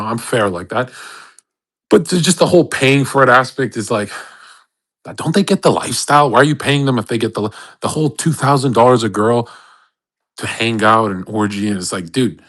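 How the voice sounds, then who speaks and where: A man hosting a live online audio stream, giving a casual, intense motivational rant full of swearing, swinging between loud outbursts and low muttering. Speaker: host. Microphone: home microphone on an online audio call.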